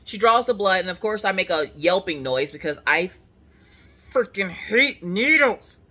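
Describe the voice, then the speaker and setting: A woman's voice: on the low side, animated, brisk, fairly bright tone. A young adult woman in a casual at-home chat, telling a story in a dramatic, comic way and acting out the people in it. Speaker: craft vlogger. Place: at home on a couch.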